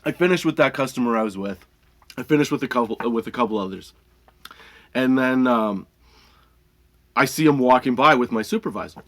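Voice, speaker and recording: Man, podcast host, comic storytelling, profane, animated, chuckles often, mid-pitched voice. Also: a little fast, pauses often. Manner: profane, animated, laughs between lines.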